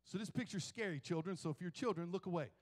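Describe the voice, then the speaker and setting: Speaking quickly, this male pastor jokes his way through a sermon full of humorous anecdotes, his delivery bright and animated. His pitch runs slightly above the usual male range, and the sanctuary's lingering reverb follows each line.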